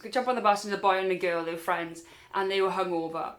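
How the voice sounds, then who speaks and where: A woman's voice: mid-range voice, quick pace, a bit bright. A young Welsh woman telling a storytime vlog, chatty and rambling, her voice sitting in a middling range. She keeps turning to her viewers as guys, restarting sentences as she goes. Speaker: vlogger. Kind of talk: casual storytime.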